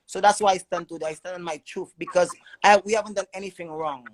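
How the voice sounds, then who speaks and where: A man's voice: high voice, fairly even intonation, quick pace, few pauses, rough recording. A man telling his own story as a father in an emotional testimony, urgent and repeating words in long stammering runs.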